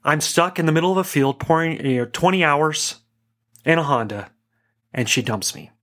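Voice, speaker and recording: A man's voice: a little high, moderate pace, a bit bright. A man gives a conversational talk, telling self-deprecating stories with rambling asides. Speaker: speaker giving a talk on life transitions.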